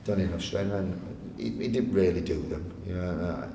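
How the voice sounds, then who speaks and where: A man telling chatty anecdotes to a live audience, often laughing and acting out the people he quotes. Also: moderate pace. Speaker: guest speaker. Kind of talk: live on-stage storytelling. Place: arts venue hall, live audience. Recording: echoey hall with faint rumble.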